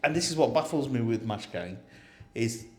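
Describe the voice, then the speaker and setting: A man's voice: medium pitch, lively intonation, moderate pace, a little mellow, roomy sound. A man co-hosting a podcast in casual chat, rambling and often laughing. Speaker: podcast co-host.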